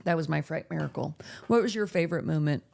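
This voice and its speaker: A woman's voice: low voice, quick pace, creaky. A woman hosting a late-night chat, telling a story casually and acting out the voices of people she quotes. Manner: animated, acts out quoted voices. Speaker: podcast host.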